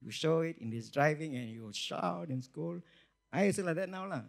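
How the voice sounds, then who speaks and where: Middle-aged male pastor, higher-pitched voice; emphatic sermon delivery with lots of repetition. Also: animated, moderate pace, vocal fry. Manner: emphatic, repeats phrases, swings between loud and soft.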